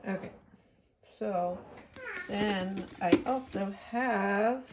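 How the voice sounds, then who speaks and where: A woman's voice: mid-range voice, very slow, heavy background noise. A woman vlogging in a casual, rambling way, talking to her viewers and cooing at her pet. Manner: chatty, rambling, with gentle baby talk to her pet. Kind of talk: casual chat to camera.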